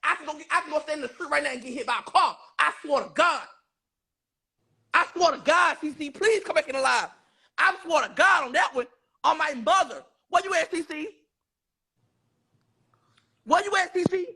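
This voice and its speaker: High-pitched, fast, gravelly man swearing oaths. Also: lively intonation, pushed and bright. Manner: insistent, swears oaths repeatedly, profane. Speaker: live-stream guest. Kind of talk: heated live-stream argument.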